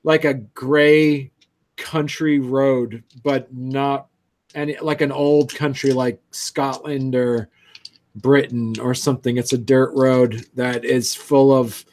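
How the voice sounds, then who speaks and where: Hesitant, slow-talking game master man. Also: mid-range voice, flat delivery, darkish tone. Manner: hesitant, many ums and restarts. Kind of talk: narrating a tabletop game.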